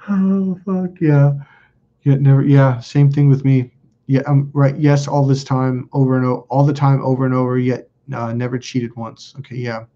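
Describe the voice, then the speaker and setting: With a medium pitch that barely moves, a man speaks at a moderate pace. His casual livestream has him reading viewer comments and rambling bluntly through profane stories, and the recording sounds dull and lo-fi.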